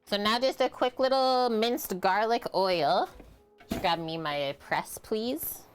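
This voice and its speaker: A woman's voice: medium pitch, takes it slowly, clean tone, soft background music. A woman co-hosting a live cooking stream, chatting casually with viewers and her partner while she cooks.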